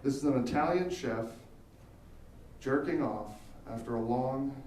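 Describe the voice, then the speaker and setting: A young man performing an animated stand-up comedy set on a theater stage, jumping into high squeaky voices for the people he quotes. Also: measured pace, a little hiss or hum. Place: theater stage, live audience. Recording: echoey theater from far off.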